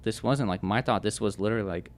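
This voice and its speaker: On the low side, this young man's voice carries his personal testimony as a guest on a podcast. His delivery is earnest and halting, with frequent fillers and many restarts.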